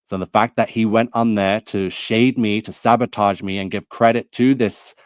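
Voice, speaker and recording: A man's voice: fairly low pitch, fairly even intonation, moderate pace, clear, resonant tone, no room sound. A man delivering a heated, accusing monologue to his video audience, repeating himself as he lays out his grievances. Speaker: video creator. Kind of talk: angry monologue to camera.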